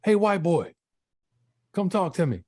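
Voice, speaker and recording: Brief: a man putting on an older inmate's voice, pitched up high, insistent and coaxing. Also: big pitch swings, a little slow, dark tone, dry recording, clean studio sound, heavily acted. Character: elderly male inmate calling across the hall, persistent.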